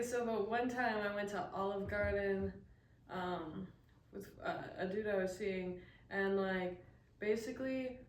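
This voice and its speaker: Young woman chatting in an echoey room. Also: medium pitch. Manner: rambling, giggly storyteller. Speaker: podcast co-host. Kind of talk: casual chat. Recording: roomy echo, mic at a distance, faint hiss.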